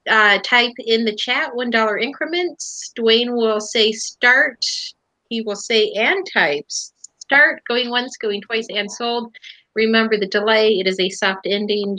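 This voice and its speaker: A woman co-hosting a live auction stream, giving brisk, upbeat instructions to bidders. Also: on the high side, pushed and bright, dry recording, low-quality recording. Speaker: auction show co-host. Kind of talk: casual announcements.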